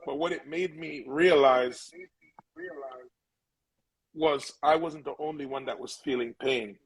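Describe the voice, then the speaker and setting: A man's voice: fairly high pitch, slow pace, slightly rough, poor audio. A middle-aged man, a musician being interviewed, telling a long personal story in an earnest, rambling way with many restarts. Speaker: musician guest.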